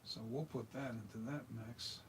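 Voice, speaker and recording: A man's voice: mid-range voice, fairly even intonation, moderate pace, background noise. A middle-aged man from South Jersey, chatting casually and muttering to himself while he makes a mask. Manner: rambling, mutters to himself, restarts. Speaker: mask maker. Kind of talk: casual workshop chat while working.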